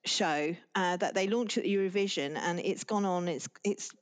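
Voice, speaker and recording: A woman guest on a podcast, telling a long, rambling anecdote in relaxed conversation, with restarts and laughter. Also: fairly low pitch, moderate pace, clear, resonant tone. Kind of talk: casual interview chat.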